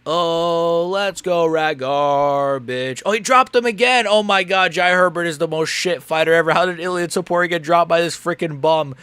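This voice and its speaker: A young man live-streaming a fight watch-along, rambling and crude, quick to get loud. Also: on the high side, clean tone, no echo.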